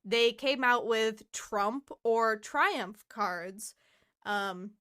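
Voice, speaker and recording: A woman's voice: on the high side, very slow, fairly bright tone, smooth, no room sound, studio quality. A young woman co-hosting a podcast, chatting casually, laughing often and swearing freely. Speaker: podcast co-host. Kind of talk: casual chat.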